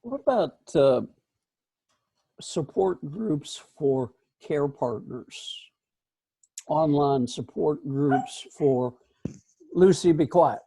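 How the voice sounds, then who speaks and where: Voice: mid-range voice, extremely slow, vocal fry, dark tone, breathy edge. An interviewer asking questions on a video call, hesitant and searching for words.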